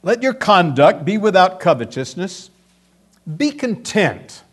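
Animated, slow-paced male preacher. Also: high voice, breathy edge. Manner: emphatic, building to loud peaks on scripture; asks the audience rhetorical questions. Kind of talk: sermon. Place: before a live congregation.

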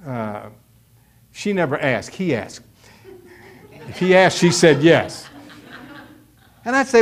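Male pastor, middle-aged, higher voice, folksy emphatic pulpit delivery with acted asides. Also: very animated, moderate pace, pauses often. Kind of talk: sermon.

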